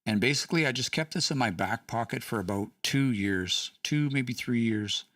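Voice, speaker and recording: A man's voice: medium pitch, animated, moderate pace, fairly bright tone, no echo, clean studio sound, recorded from a distance. A man teaching language casually on a livestream, chatty, laughing and reading out chat comments.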